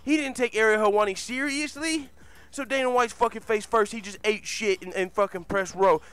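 A man's voice: high-pitched, moderate pace, clean tone. A man hosting an online show, telling a comic made-up fight story full of swearing and laughter. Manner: profane, laughing, animated. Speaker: host.

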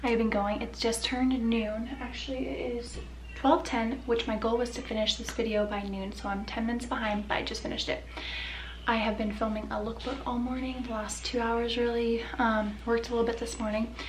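A woman's voice: on the high side, flat delivery, a little fast, slight background noise. A young woman vlogger talking casually through her day, chatty and saying "y'all" often. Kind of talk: casual vlog chat.

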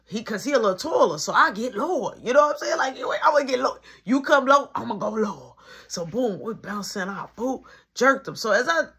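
A young woman spins a casual story for her channel in a slightly husky voice. She talks loose and slangy and acts out everyone's dialogue with plenty of flair. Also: fairly high pitch, expressive, brisk, a bit bright.

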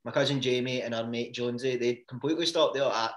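A man's voice: mid-range voice, fairly even intonation, fast talker, echoey room. A Scottish man in casual chat, laid-back and joking, swearing freely.

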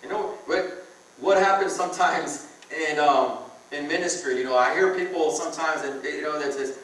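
A man's voice: a little high, normal speed, a bit bright. Echoey man preaching at a church men's conference. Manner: earnest, conversational preaching with repeated phrases. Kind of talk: sermon. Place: church hall with a live audience. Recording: very echoey church hall, mic from far off.

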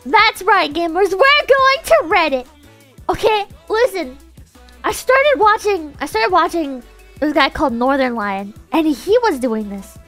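A woman streamer chatting casually to her chat, excitable and swearing, often breaking into shouts. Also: very high voice, unhurried, faint music behind. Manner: excitable, swears a lot, bursts into shouting and laughter. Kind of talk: casual live-stream chat reading posts to chat.

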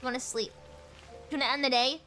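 A British woman streaming a video game, chatty and excitable, thinking aloud as she plays. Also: high-pitched, fast, soft background music. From Britain. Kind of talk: casual gameplay commentary.

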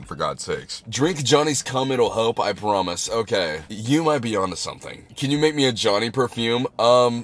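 A young man streaming live and talking while eating spicy food, with dramatic swearing, yelling in pain and low groaning.

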